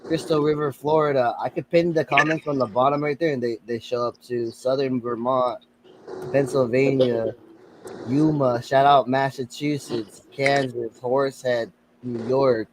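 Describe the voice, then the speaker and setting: A man co-hosting a live chat, excitable and quick to laugh. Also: medium pitch, background noise. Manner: excitable, laughing, bursts of speed. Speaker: co-host. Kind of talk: casual chat.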